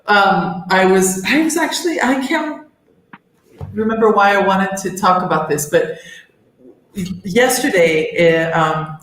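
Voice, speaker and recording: Woman co-host, unhurried and rambling, heavy room echo. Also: mid-range voice, a bit bright, slight background noise. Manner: rambling, many restarts and fillers. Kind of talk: casual chat. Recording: very echoey room.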